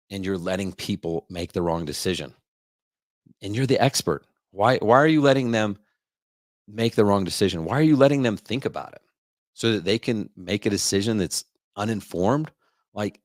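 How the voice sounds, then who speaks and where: A man hosting a podcast, delivering an energetic, repetitive sales rant in a coaching tone. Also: on the low side, no room sound, clean studio sound. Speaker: podcast host.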